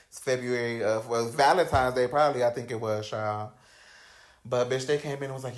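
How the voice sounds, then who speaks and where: A young man hosting a podcast, telling personal stories in a candid, slangy, dramatic way, dropping to low mutters and rising to loud outbursts. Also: steady tone, moderate pace. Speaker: podcast host. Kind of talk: candid storytelling chat. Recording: roomy echoey room.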